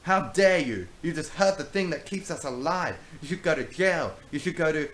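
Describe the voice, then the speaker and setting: A man doing a shrill, outraged young girl. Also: animated, a little slow, fairly bright tone. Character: indignant young girl explorer, fierce. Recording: echoey room with faint hiss.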